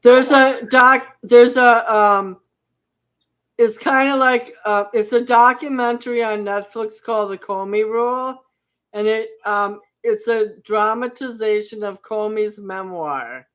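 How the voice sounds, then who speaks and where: Slow-talking woman pushing back firmly. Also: fairly high pitch, a bit bright. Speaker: podcast co-host. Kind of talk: casual political chat.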